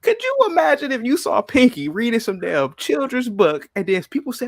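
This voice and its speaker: A man's voice: very high-pitched, very animated, a little fast, creaky, few pauses, dry recording, studio quality. A man hosting a podcast in a heated debate, arguing and pressing his questions over and over. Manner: argumentative, repeats questions insistently. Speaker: podcast host. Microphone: studio microphone.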